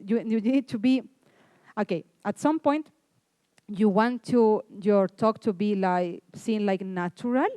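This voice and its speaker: A woman from Chile with a Chilean Spanish accent, giving a classroom lecture in a halting way, restarting sentences and filling pauses. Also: a little high, a little mellow, dry recording. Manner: halting, self-correcting speech with many fillers. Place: lecture room.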